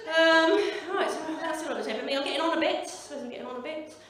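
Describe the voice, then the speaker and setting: A woman's voice: sits high, rapid-fire, a crowd in the background. A woman in her forties from the English Midlands, doing a sweary, punchy stand-up comedy set in a club. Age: 40s. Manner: brash, sweary, punchy delivery. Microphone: stage microphone. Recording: echoey club room, picked up from a distance. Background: audience laughter.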